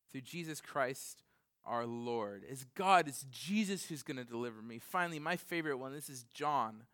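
A man in his thirties preaching a sermon in an animated way, jumping from loud, excited questions to quiet, low scripture reading and laughing often.

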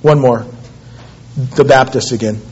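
A pastor in his thirties preaching a sermon, swinging between loud, emphatic pleading and low, hushed tones. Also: unhurried. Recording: muffled lo-fi sermon recording.

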